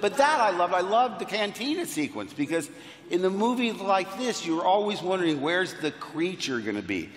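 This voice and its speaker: A man's voice: high-pitched, big pitch swings, normal speed. A man, a panel guest telling anecdotes in a playful, enthusiastic way with self-deprecating jokes. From United States. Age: 60s. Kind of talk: animated anecdotal storytelling. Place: large convention hall. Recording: roomy hall reverb on PA.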